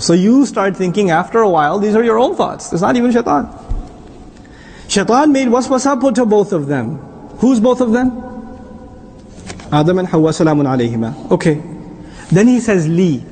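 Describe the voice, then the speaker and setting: A middle-aged man giving an animated religious lecture as an Islamic teacher, often quizzing his audience. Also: high voice, normal speed, pauses often, a little hiss or hum.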